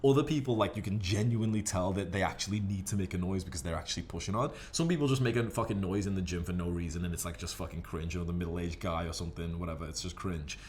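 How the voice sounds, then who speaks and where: A man with a somewhat low voice speaks in a loose, profanity-laced monologue, rambling and animated. Faint background noise sits under him. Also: fast, hardly any pauses. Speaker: fitness vlogger. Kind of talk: casual monologue to camera.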